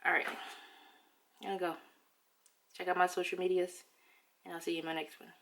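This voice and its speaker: A woman's voice: fairly low pitch, little pitch movement, brisk, vocal fry, very noisy. A young woman vlogger chatting casually about a beauty haul, slightly out of breath, full of "like" and "um". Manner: chatty, fillers, lots of "like".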